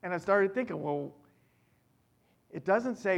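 A man preaching a sermon, swinging between loud emphatic lines and quiet asides as he reads and explains scripture. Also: high-pitched, expressive, measured pace, vocal fry, pauses often. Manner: reads scripture aloud with rising force. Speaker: pastor.

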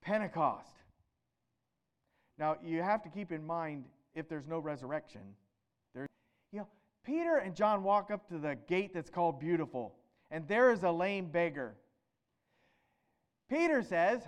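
A man preaching a sermon, animated, asking rhetorical questions and swinging between loud emphatic bursts and quieter stretches. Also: a little high, measured pace, long pauses, clean tone.

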